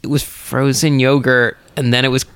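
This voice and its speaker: Casting: male podcast co-host, bright tense voice, dry close sound, rambling chatty delivery. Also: mid-range voice, little pitch movement, moderate pace, clean tone, no echo. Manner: rambling, thinks aloud with fillers. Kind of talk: casual chat. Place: Los Angeles area.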